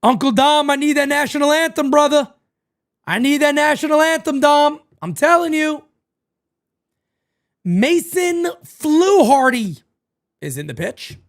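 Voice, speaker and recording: Animated man calling a fan watch party. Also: very high-pitched, measured pace, long pauses. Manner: animated, playfully melodramatic, repeats himself. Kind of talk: live fan play-by-play and chat.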